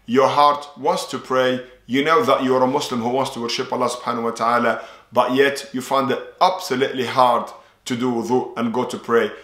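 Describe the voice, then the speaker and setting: A man's voice: mid-range voice, a bit bright, roomy sound. A man speaking as a ruqya practitioner, explaining at length in an earnest, repetitive way, often adding religious phrases. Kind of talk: instructional talk.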